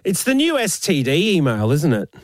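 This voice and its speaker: A man's voice: on the high side, huge pitch swings, normal speed, dry recording. A man co-hosting a casual chat show, laughing often and telling stories with animation. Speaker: co-host.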